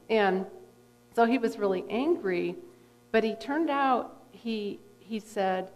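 A middle-aged woman speaks to a room as a guest speaker, her voice trailing into the long reverb of a large hall. Her pitch sits in the ordinary middle range for a woman. She tells a personal story in an easy, conversational way, animated and full of filler words. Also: measured pace.

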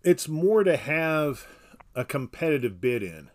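A man explaining scripture in a casual podcast conversation, halting with restarts and dry humor. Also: a little high, very animated. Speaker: Bible teacher. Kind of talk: casual Bible study podcast.

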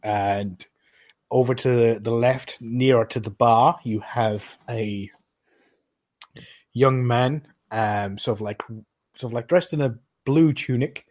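A man narrating a tabletop game as game master, pausing with many fillers. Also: mid-range voice, a little mellow.

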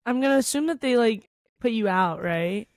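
A young woman co-hosting a podcast, chatting casually with quick, teasing, playful interjections. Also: on the high side, lively intonation, darkish tone, no room sound, studio quality. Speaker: podcast co-host. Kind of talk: casual chat.

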